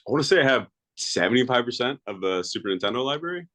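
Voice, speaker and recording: A man's voice: mid-range voice, lively intonation, fast, a bit bright. A man being interviewed as a league coach, answering casually and thinking aloud with hums.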